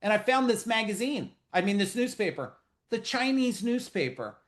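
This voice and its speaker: A middle-aged man with a fairly high voice runs a live webinar for business owners over a video call. He talks in a loose, animated way, blunt and profane, cracking jokes as he goes. He speaks straight to his audience in a casual coaching manner. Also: moderate pace.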